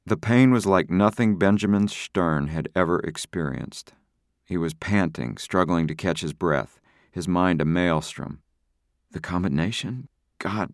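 A man narrating an audiobook thriller in a measured, steady storytelling manner. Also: low voice, dry recording, studio quality. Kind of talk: scripted narration.

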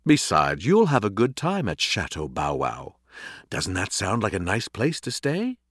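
Man playing a cheerful coaxing dad, lively ups and downs, dry sound. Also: fairly low pitch, unhurried, husky, no echo, exaggerated voice. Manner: upbeat and coaxing. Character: cheerful, coaxing family father.

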